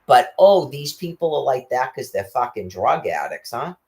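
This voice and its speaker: A man's voice: medium pitch, big pitch swings, moderate pace. A man, ranting angrily and swearing constantly, firing off rhetorical questions. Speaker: ranting commentator. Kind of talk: angry profane rant.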